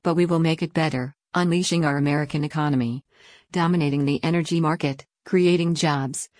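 A woman reading a news article aloud in an even, steady way. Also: low voice, fairly quick, no echo, clean studio sound.

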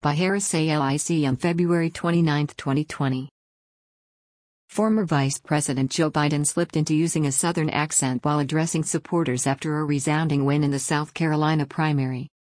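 A woman reading a news article aloud in an even, measured scripted narration. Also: low-pitched, no echo. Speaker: news reader.

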